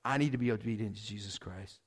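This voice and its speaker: A man preaching a sermon as pastor, casual and excited, with big swells in volume. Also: on the low side, fast talker, slightly rough.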